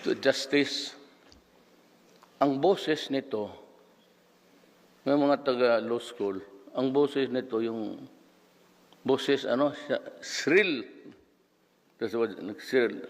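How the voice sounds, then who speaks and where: A man's voice: mid-range voice, slow pace, pauses often. A man in his seventies with a Filipino accent, telling rambling anecdotes and acting out voices, heard with a long hall reverb. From Philippines. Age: 70s. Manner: code-switching storyteller, acts out voices.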